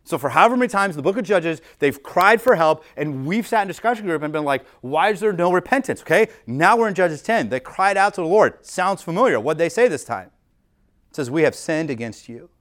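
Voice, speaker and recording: A man preaching a sermon at church in a conversational, animated way, reading scripture and explaining it with everyday examples. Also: high-pitched, a little fast. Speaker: pastor.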